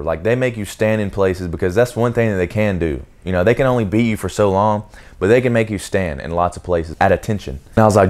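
A young man and Navy sailor talking casually to camera, telling stories with animated energy and speaking directly to viewers. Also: low-pitched, brisk. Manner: animated, acts out shouted commands mid-story; talks straight to viewers with repeated "okay?".

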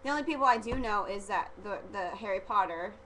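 A woman's voice: mid-range voice, expressive, fast, bright, forceful tone, a little hiss or hum, rough recording. A teenage girl vlogging casually, rambling and giggly, full of "like" fillers. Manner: chatty and giggly, heavy use of "like" fillers.

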